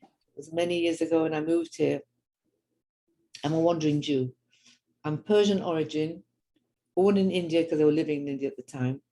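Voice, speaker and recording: Older london-accented lady telling stories, gravelly low warm tone, earnest, slips into voices of the folks she quotes. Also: fairly even intonation, normal speed, pauses often, rough recording. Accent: London English. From grew up in London. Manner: earnest storyteller who acts out quoted people. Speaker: Jewish women's teacher and speaker. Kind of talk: personal storytelling talk.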